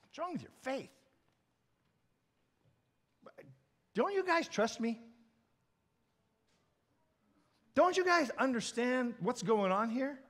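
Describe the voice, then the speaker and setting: A calm Jesus gently questions his frightened friends in a hushed voice, as a man acts him out. The tone is quiet and mild, though pitched high. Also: normal speed. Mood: gentle reproach. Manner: soft, quiet reproach.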